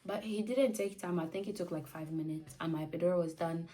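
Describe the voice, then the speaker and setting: A young woman in her twenties tells a personal story in a casual, animated way. She acts out what others said and sometimes drops to a near whisper. Her voice is mellow and sits a little back from the mic. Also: lowish voice, fast, recorded from a distance. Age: 20s. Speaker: vlogger.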